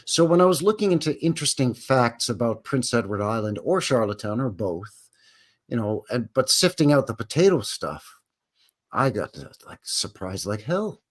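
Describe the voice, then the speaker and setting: A man's voice: medium pitch, animated, normal speed. A Canadian man co-hosting a live stream, joking and chatty, tagging "eh" onto his sentences. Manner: joking, chatty, drops in "eh" often. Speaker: co-host. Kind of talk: casual live-stream chat.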